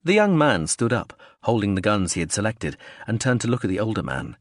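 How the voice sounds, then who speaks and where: This scripted science-fiction audiobook is read by a man whose voice sits on the low side, delivered in a measured and expressive storytelling way. The studio-quality sound has no echo.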